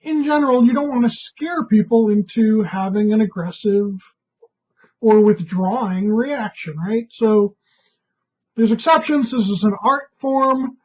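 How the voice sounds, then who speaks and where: Husky woman giving calm training talk. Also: a little high, a little slow, rough recording. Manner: calm, conversational, often asks "right?". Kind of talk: instructional talk.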